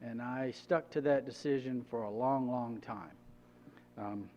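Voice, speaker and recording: A man's voice: medium pitch, a little slow, a little mellow, highs cut off, slight background noise. A middle-aged man giving a personal testimony as a church guest speaker, telling his story conversationally and acting out what others said. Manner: conversational, acts out quoted dialogue.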